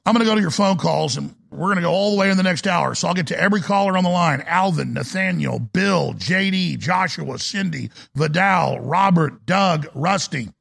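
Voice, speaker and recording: A man hosting a live call-in talk show, ranting in a fiery, rapid-fire way. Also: high-pitched, vocal fry, fairly bright tone.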